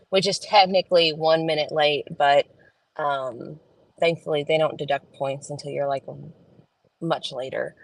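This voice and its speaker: A woman's voice: low voice, gravelly, dry recording, rough recording. A woman chats casually and rambles with lots of fillers, talking to her viewers from a parked car into her phone. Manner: rambling with many fillers, homey. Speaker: vlogger chatting with live viewers. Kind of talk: casual chat. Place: parked car in a school pickup line. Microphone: phone camera.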